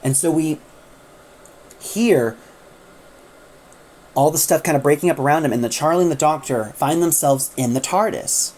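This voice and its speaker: Woman, casual plot recap, low voice, rambling delivery. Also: moderate pace, pauses often, a little mellow. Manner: rambling, with many "like"s. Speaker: audio drama recapper.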